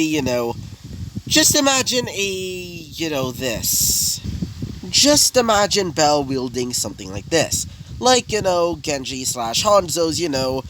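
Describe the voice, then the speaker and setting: A man's voice: fairly high pitch, background noise. Rambling man telling a made-up story. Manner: rambling, heavy fillers, frequent self-corrections. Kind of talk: casual improvised storytelling.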